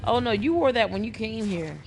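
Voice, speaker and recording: A woman's voice: on the high side, animated, brisk, vocal fry, background noise. A woman hosting a gaming channel, chatting casually and swearing while she plays and reads game lines aloud. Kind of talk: casual gameplay commentary. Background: game music.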